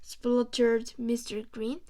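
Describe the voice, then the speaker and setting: A woman reading a children's storybook aloud, slowly and carefully, with small stumbles. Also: a little high, little pitch movement, mellow. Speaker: reader.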